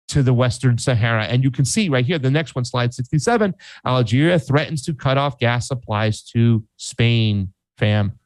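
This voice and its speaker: A man's voice: medium pitch, no echo, low-quality recording. A man hosting casual political commentary, reading headlines aloud and breaking in with slangy asides, sometimes mocking countries in quoted voices. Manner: animated, reads headlines aloud, says "fam", voices countries in mock quotes.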